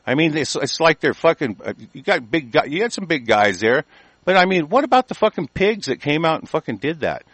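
A man hosting a radio show, delivering an angry, profanity-filled monologue full of halting restarts. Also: a little high, sing-song, fairly bright tone, dry recording, poor audio. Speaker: radio host.

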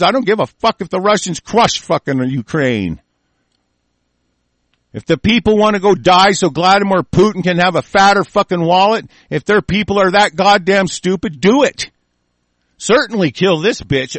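A man's voice: high-pitched, fairly bright tone, no echo. A man delivering an angry, profanity-laden rant, swearing in nearly every sentence. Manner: swears constantly, bitter and aggressive.

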